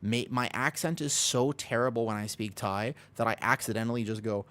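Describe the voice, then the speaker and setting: A man's voice: medium pitch, steady tone, a little fast, few pauses, a bit bright. Rambling casual male streamer. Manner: rambling, self-deprecating, reads chat aloud. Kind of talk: casual chat with live chat. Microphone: desk microphone.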